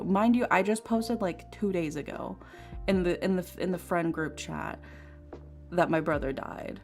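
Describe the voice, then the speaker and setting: Over faint lofi music, a tarot streamer, a young woman, talks casually at a measured pace in a voice on the low side. She's candid and swears as she unloads about something painful from her own life.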